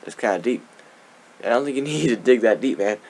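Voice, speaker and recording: A young man chats his way through a game with loose, rambling commentary. He giggles between thoughts and drops dry, sarcastic asides. His voice sits at an ordinary middle pitch. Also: expressive, a little fast, a little mellow, breathy edge. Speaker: let's play gamer. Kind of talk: casual gameplay commentary.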